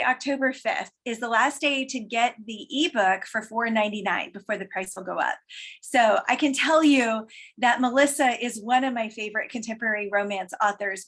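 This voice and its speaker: A woman's voice: a little high, a bit bright. A woman hosting a casual interview about books, chatty and enthusiastic. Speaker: host.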